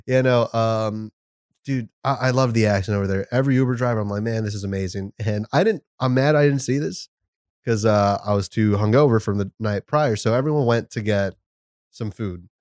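A man's voice: fairly low pitch, normal speed, a little mellow, clear, resonant tone, no room sound, clean studio sound. A man hosting a casual podcast chat, rambling through stories and laughing often.

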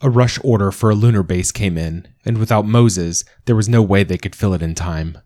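A man narrating a first-person story in a calm, measured reading voice. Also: fairly low pitch, no echo, clean studio sound.

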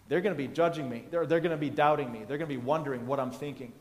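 A man's voice: a little high, fast talker, few pauses, big-room sound. A male pastor preaching a conversational sermon, acting out the biblical characters' dialogue as he explains the passage.

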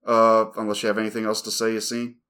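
A man's voice: on the low side, monotone, fast, pushed and bright. A man co-hosting a podcast, telling a rambling, profane story in casual chat. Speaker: podcast co-host.

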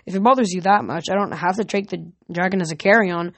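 A woman reading the part of a cocky, joking teenage boy mechanic, in a quick breezy manner. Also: fairly low pitch, dry recording.

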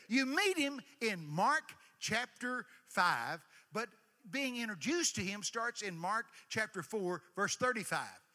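A man preaching, his voice bright and cutting, pitched a little high. He leaps up and down in pitch, dropping to near-whispers and then shouting out lines. The sound rings with long reverb from a big hall. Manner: emphatic preacher, swings from hushed to shouting, call-and-response with the crowd. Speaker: pastor. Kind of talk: sermon.

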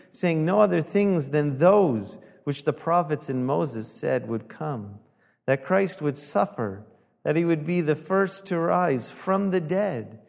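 A man preaching a sermon as pastor, lively and acting out the people he quotes with rising volume. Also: fairly high pitch, gravelly, in a large hall. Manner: animated, acts out quoted voices with rising volume.

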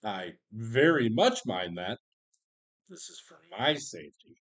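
A man's voice: on the low side, very animated, slow pace, a bit bright, heavily acted. A man doing a fancy armed gangster. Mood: firm.

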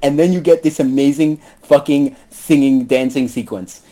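A man's voice: medium pitch, normal speed. A man co-hosting a podcast, gushing and swearing as he recaps a movie in casual chat. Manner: excitable, swears often. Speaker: podcast co-host.

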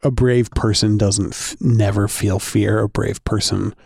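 A man's voice: on the low side, steady tone, a little slow, vocal fry, a little mellow, slightly rough, no room sound, studio quality. A man co-hosting a casual podcast chat, laughing often and restarting his sentences. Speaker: podcast co-host.

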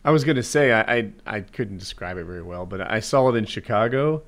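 A man chatting casually, a bit halting as he describes something. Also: lowish voice, lively intonation, fairly bright tone. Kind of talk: casual chat.

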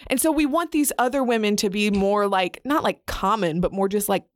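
A woman co-hosting a podcast, chatty and animated, quick to joke. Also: mid-range voice, no echo, clean studio sound. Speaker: podcast co-host. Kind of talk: casual chat.

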